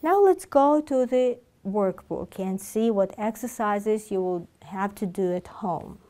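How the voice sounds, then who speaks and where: A woman's voice: medium pitch, measured pace, dark tone. Woman teaching English. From Georgia. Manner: explains and repeats patiently, questions the class. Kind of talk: classroom lesson.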